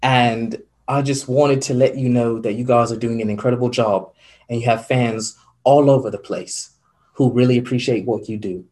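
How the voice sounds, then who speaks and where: A man's voice: mid-range voice, steady tone, normal speed, a little mellow, close to an everyday voice. A man imitating a polite, earnest radio caller with a put-on British accent. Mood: grateful.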